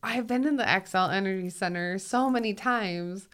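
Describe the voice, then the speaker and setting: A woman with a Minnesotan accent, a guest talking in a reflective, unhurried way and laughing easily. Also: mid-range voice, fairly bright tone. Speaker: guest, 911 call taker and dispatcher. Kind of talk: casual conversation.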